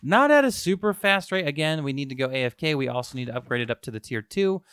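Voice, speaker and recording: Young guy yapping thru a game, excited, pokes fun at himself, bright clear voice, dry close mic. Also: on the high side, fast talker, dry recording. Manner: excitable, self-mocking, talks to viewers. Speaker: gaming YouTuber. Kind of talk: casual let's-play commentary.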